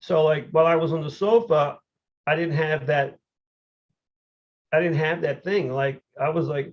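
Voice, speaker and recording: A man, a podcast guest, telling his story in a casual, animated way, full of "like" and "you know". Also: fairly high pitch, unhurried, pauses often. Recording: dull, lo-fi audio.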